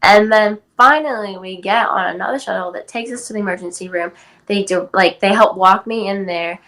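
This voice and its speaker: A woman's voice: medium pitch, a little fast, fairly bright tone, poor audio. Chatty young woman telling a story. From California. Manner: chatty, many "like" and "um" fillers. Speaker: guest athlete. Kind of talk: casual interview storytelling.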